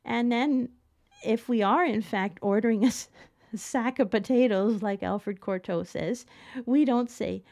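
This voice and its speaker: Woman, middle-aged, piano teacher, casual tutorial, chatty, expressive, slightly high pitch. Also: measured pace, vocal fry. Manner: chatty and expressive, laughs often, many restarts.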